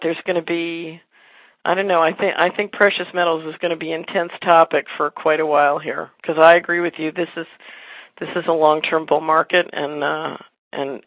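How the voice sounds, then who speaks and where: A woman hosting a casual talk show who tells rambling stories in quick bursts and laughs easily. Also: sits low, fairly even intonation, no echo. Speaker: podcast host. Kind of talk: casual conversation. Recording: phone-line audio, dry.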